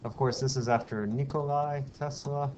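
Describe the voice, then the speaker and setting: A man's voice: medium pitch, steady tone, normal speed, a little mellow. Man lecturing a physics class. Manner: explains step by step, asks the class questions and tells asides. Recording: dull lo-fi classroom recording with faint hiss.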